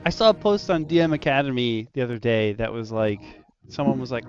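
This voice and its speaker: A man's voice: medium pitch, brisk, hardly any pauses, darkish tone, muffled recording, faint music behind. A man hosting a casual roundtable stream as a dungeon master, rambling and laughing often.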